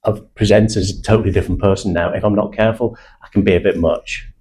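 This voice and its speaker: A man's voice: on the low side, fairly even intonation, fast, a little mellow, slight background noise, poor audio. A man, teaching a live sales training session in a blunt, confident manner with British slang. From England (South Manchester).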